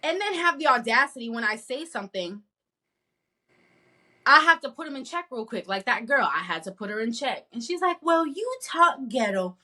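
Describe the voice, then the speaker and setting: A woman co-hosting a casual podcast, ranting in a blunt and profane way. Her voice sits high and sounds bright. She talks with lively, cutting energy. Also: brisk. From not from the American South. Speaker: podcast co-host. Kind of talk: casual chat.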